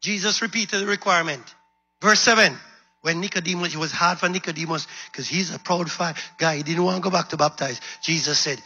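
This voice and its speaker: A man preaching a sermon in a church, calling out to the congregation and repeating his points for emphasis, with a husky voice. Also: high voice, moderate pace, pushed and bright, muffled recording. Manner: call-and-response preaching, repeating lines for emphasis. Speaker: pastor. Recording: live sermon in a reverberant hall with faint music.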